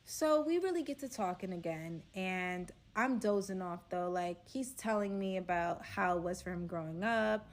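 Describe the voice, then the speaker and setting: A young woman telling a personal story in a storytime vlog, animated and dramatic, acting out quotes. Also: fairly low pitch, moderate pace, few pauses.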